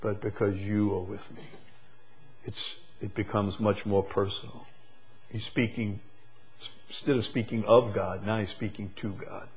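A man preaching a sermon, moving from quiet, slow reflection to loud, emphatic declarations. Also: lowish voice, flat delivery, soft background music. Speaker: pastor.

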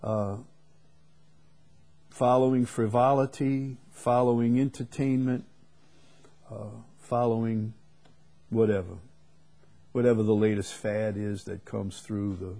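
A man's voice: on the low side, level tone, takes it slowly, long pauses, mellow. A man preaching a sermon, stressing and repeating key words with rising emphasis.

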